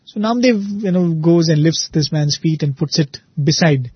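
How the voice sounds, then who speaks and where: A man retelling a devotional saint story in a relaxed, conversational way, often pausing with "you know" and "uh". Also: fairly high pitch, breathy edge, dry recording, muffled recording. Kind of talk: spiritual storytelling talk.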